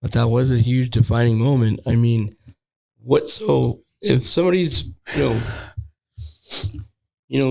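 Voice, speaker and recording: A man hosts a podcast interview, tossing in quick "yeah"s and loose, casual questions with some swearing. His voice is dark and mellow with a heavy gravelly rasp. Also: mid-range voice, rough recording. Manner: frequent short backchannels, profane, loose questions. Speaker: podcast host.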